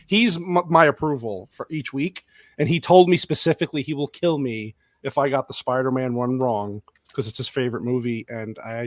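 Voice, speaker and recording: A man hosting a podcast in casual chat, joking and affectionate and quick to laugh. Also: a little high, no echo. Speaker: podcast host.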